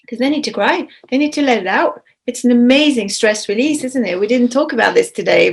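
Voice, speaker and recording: A woman speaking softly as a guest speaker in a webinar, repeating her words as she gives gentle advice. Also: a little high. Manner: soft, repeats words, warm-hearted phrasing.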